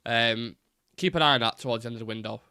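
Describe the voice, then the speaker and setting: A man's voice: mid-range voice, fast talker, sharp tone, clean tone, dry recording, studio quality. A man hosting a live football fan stream, chatting casually and rambling, swearing now and then.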